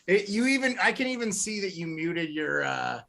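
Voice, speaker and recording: A gravelly, bright and somewhat high man's voice, chatting as a podcast co-host over a video call. He rambles and restarts his sentences often, so his talk comes out halting. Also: sing-song. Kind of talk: casual chat.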